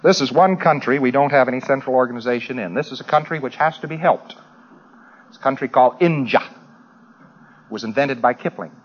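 A man's voice: mid-range voice, a little fast, noisy background. American man, dry joking lecture, rambling asides, muffled lo-fi recording. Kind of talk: humorous talk to an audience. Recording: dull lo-fi old recording.

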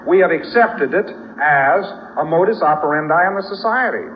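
A man's voice: a little high, highs cut off, a little hiss or hum. A man giving a spoken lecture, telling folksy stories with frequent asides.

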